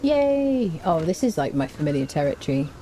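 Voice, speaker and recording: Chatty, lively woman gaming streamer. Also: normal speed, a little hiss or hum. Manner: chatty, hums and sings little tunes while playing; excitable, jumps high in pitch. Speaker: streamer playing a survival game. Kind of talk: casual gameplay commentary.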